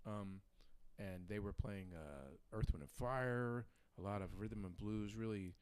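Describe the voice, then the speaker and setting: A man co-hosts a live podcast with easy, joking banter. His voice sits a little low. The sound is dry and close to the mic. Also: measured pace, darkish tone, clean tone, no room sound. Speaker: podcast co-host. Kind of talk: casual live podcast chat.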